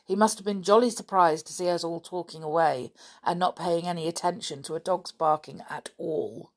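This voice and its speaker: Woman reading tomboy girl, brisk, fond, lowish voice, storybook. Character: George, tomboyish girl, fierce dog owner.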